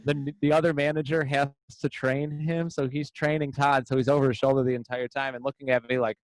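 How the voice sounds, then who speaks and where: A man's voice: medium pitch, a little fast, hardly any pauses, no echo, low-quality recording. A man co-hosting a casual podcast chat, telling stories with lots of swearing and acted-out voices. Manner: animated storyteller, swears a lot, acts out voices. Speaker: podcast co-host.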